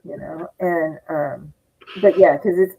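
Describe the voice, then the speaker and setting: A woman's voice: low voice, fairly even intonation, takes it slowly, gravelly, dark tone, husky, rough recording. A middle-aged woman comedian telling rambling funny stories, laughing often and acting out what others said. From Japanese heritage. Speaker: comedian guest. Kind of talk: casual comedic storytelling.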